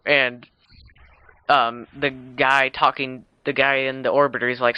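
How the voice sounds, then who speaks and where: A man's voice: medium pitch, flat delivery, unhurried, dry recording. Young guy rambling through a movie recap. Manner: rambling, many fillers and self-corrections. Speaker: video uploader. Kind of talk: casual movie recap vlog. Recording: dull lo-fi home recording.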